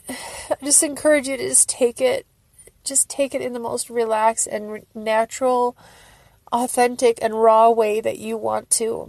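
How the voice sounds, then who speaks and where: A woman's voice: fairly high pitch, gravelly, darkish tone, no echo. A woman fan vlogger talking casually to viewers, emotional, gushing, and often laughing through tears. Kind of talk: casual fan vlog reaction.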